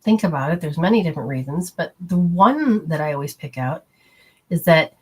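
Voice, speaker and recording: A middle-aged woman with a low, husky voice talks in a loose, rambling way. She hosts a spiritual talk show and slips into little acted-out voices when she quotes people. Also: animated, fairly quick. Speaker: spiritual radio host. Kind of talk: casual spoken talk.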